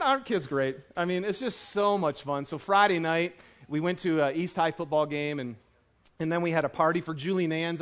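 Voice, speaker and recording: A man in his thirties, a pastor, talking to his church in a chatty, enthusiastic way with many fillers and family stories. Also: fairly high pitch. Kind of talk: casual sermon with family stories. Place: church auditorium.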